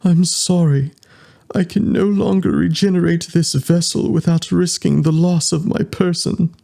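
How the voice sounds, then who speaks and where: A man's voice: fairly high pitch, fairly even intonation, a little slow, vocal fry, dark tone, pitched above the performer's own voice. A man voicing a sardonic male ship artificial intelligence in an audiobook, formal and given to muttering insults.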